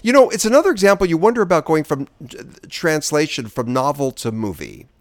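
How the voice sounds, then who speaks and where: Lively-voiced man co-hosting a movie podcast. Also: on the high side, a little fast, studio quality. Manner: agreeable, echoes words, laughs easily. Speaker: podcast co-host. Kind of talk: casual movie-review chat.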